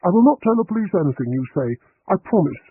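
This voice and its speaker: A man voicing a bossy, sharp-tongued middle-aged woman detective, brisk and insistent, on a tinny, dry recording. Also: high voice, very animated, slightly rough, voice pushed up, full character voice.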